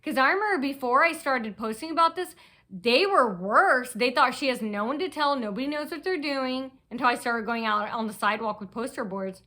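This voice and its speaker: A woman's voice: sits high, lively intonation, fairly quick, pushed and bright. A woman vlogger telling a long, aggrieved story in a restless, rambling way, often restarting her sentences. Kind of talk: rambling personal monologue.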